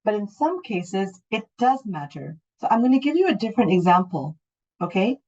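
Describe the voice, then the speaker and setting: A woman's voice: medium pitch, very animated, normal speed, mellow. A woman in her forties from Canada, teaching an English class, explaining patiently and repeating the key points. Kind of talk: online class lesson. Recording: dull lo-fi audio.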